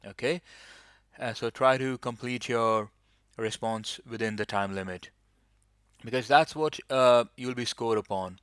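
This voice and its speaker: A man tutors students for a speaking test in a smooth, resonant voice. He explains step by step and keeps dropping in "you know" as he goes. The sound is dry and close, with no room around it. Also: medium pitch, measured pace, fairly bright tone, dry recording. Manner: explains patiently with many "you know" fillers. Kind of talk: online lesson.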